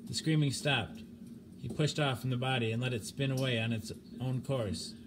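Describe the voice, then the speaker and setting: A man narrates a science fiction short story in a measured, grave voice of ordinary pitch. He reads steadily, like a home audiobook recording, with a soft hiss of noise underneath. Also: steady tone.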